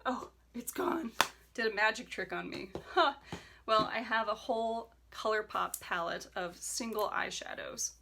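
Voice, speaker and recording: A young adult woman chatting casually as a beauty vlogger, enthusiastic, with soft whispered asides. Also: mid-range voice, moderate pace, vocal fry, noisy background. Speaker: beauty YouTuber. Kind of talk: casual decluttering vlog.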